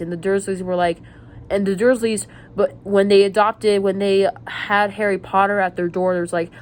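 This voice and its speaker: Woman, casual vlog talk, rambling, repeats herself, restarts often, mid-pitched voice. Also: slight background noise. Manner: rambling, repetitive, many restarts. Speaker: vlogger.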